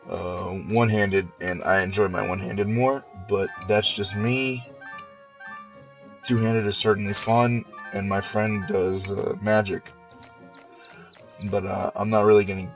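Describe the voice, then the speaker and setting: A man's voice: fairly low pitch, rough recording. A man who is sick, casually talking through a video game he plays, rambling with lots of filler words and the odd swear. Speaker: let's player. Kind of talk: casual gameplay commentary.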